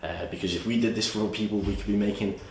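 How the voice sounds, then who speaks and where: A man giving an energetic, salesy course pitch at a whiteboard, often repeating himself. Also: rapid-fire. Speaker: course presenter. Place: room with a whiteboard. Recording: echoey room, distant mic, faint hiss.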